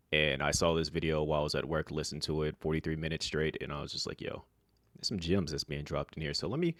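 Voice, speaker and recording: A man talking casually to camera as a vlogger, in a flat, monotone, rambling way. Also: very deep voice, dry recording, clean studio sound. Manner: self-described monotone, relaxed and rambling with fillers.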